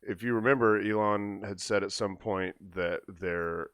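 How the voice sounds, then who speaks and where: Relaxed low-voiced podcast host. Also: male voice, unhurried, clean tone, no room sound, dull audio. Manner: relaxed, explaining tech news to co-hosts. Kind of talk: casual chat.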